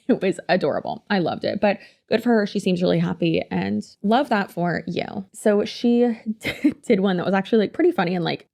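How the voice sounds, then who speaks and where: A woman's voice: on the low side, creaky, darkish tone. A woman hosting a commentary video, chatting casually and filling her talk with "like". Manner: chatty, filler-heavy with lots of "like". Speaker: commentary YouTuber host.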